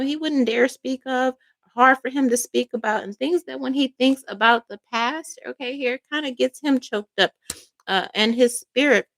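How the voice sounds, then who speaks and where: A woman with a slightly high voice lays out a tarot reading with fervent emotion. She talks emphatically and keeps pausing to check in with "all right?" and "okay?". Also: a bit bright. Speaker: psychic tarot reader.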